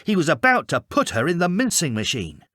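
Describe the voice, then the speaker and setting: A man reading a storybook aloud in a measured, expressive way. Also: a little high, no echo, clean studio sound. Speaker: storybook reader. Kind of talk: storybook narration.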